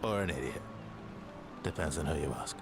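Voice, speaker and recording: An actor playing a drunk, cheerful expeditioner who slurs and jokes. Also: male voice, a bass voice, lively intonation, moderate pace. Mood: tipsy. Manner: drunk, slurring. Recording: game audio with music underneath.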